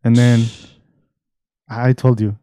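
A young man co-hosting a casual podcast, steering the topics with an easy laugh. His voice is very dark and mellow, at a middle pitch. The recording is dry and close. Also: flat delivery, slow, no room sound. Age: young adult. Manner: leads the topics, laughs easily. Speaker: podcast co-host. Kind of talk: casual chat.

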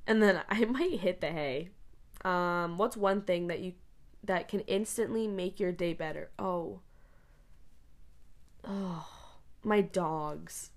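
A woman's voice: on the low side, takes it slowly, pauses often. A young woman chatting casually in a vlog, rambling with many fillers and frequent giggles. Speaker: vlogger. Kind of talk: casual chat. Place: bedroom.

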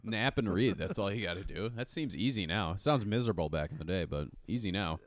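A man's voice: on the low side, expressive, a little fast, no echo, studio quality. A man in his thirties, co-hosting a podcast in easygoing, agreeable chat and laughing along. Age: 30s. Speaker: podcast co-host. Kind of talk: casual chat.

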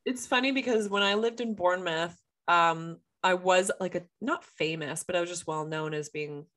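A woman with a Western Canadian accent co-hosting a podcast, telling a story in an animated, frank way and laughing often. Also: fairly low pitch, normal speed. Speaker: podcast co-host. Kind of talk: casual storytelling chat.

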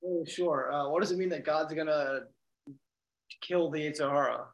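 A man with a somewhat higher voice, a student in a study class. He reads the commentary aloud haltingly, then puts it in his own words. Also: vocal fry, low-quality recording.

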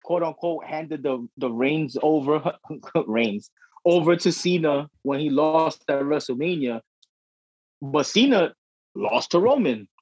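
A young man co-hosting a casual wrestling podcast, talking in a profane, slangy, excitable way. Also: fairly high pitch, slow pace, husky, no room sound. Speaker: podcast co-host. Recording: dry dull lo-fi audio.

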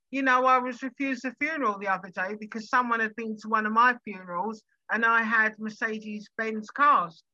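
A woman with a very bright, fairly high voice talks frankly and emphatically as a podcast guest, leaning into stories. Her line sounds dry and a little dull, like a remote call. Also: no room sound. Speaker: podcast guest, funeral director. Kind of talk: interview conversation.

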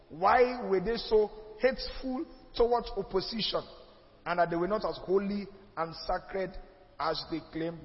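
Nigerian man, high voice, emphatic church history lecture, rhetorical questions, long echo, muffled lo-fi sound. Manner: emphatic, rhetorical questions, mixes in pidgin and Yoruba asides. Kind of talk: classroom lecture. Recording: echoey hall, muffled lo-fi sound.

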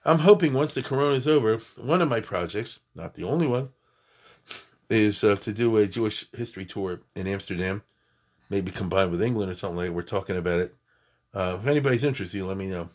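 Guy lecturing, rabbi vibe, excited asides, keeps restarting sentences. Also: on the low side, quick pace. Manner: animated, emphatic, conversational with many asides and restarts. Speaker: rabbi teaching Jewish history. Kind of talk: lively class talk, storytelling.

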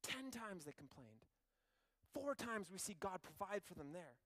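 A man preaching a sermon, retelling a story in an animated, conversational way with wry asides. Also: sits high, a little slow.

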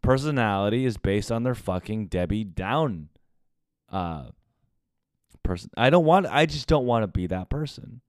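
Speaking at a normal rate in a fairly low, animated voice, a young American podcast host gives a candid, confessional monologue and swears a lot. The recording is dry, with a clean studio sound.

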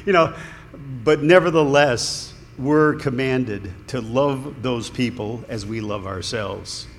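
A man's voice: medium pitch, a little slow, soft background music. Earnest man preaching in an echoing hall. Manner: conversational, earnest, with small restarts. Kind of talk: sermon. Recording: long hall reverb, faint room noise.

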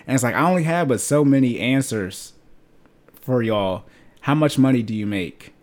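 Young guy podcast host, blunt and preachy, ranting at listeners about money, normal pitch. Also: expressive, moderate pace, a little mellow. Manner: emphatic, blunt, lecturing with homespun analogies. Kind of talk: personal finance podcast rant.

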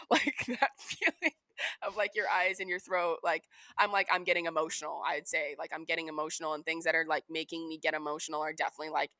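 A woman's voice: low voice, bright, forceful tone, no echo. Candid young woman podcast co-host. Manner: candid, swears freely, acts out quotes. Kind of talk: casual chat.

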